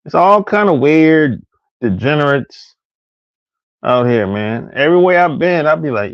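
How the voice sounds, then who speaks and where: A man rants in a casual, profane, repetitive way, his fairly high voice swooping across an extremely wide range. The recording sounds dull and lo-fi, dry with no room echo. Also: sing-song, measured pace, long pauses. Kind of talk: casual rant.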